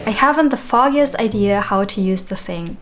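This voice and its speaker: A woman's voice: mid-range voice, little pitch movement, unhurried, a little mellow, a little hiss or hum, natural voice. Woman reading as a quaint old plant creature. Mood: kindly. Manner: quaint old-fashioned British-style phrasing.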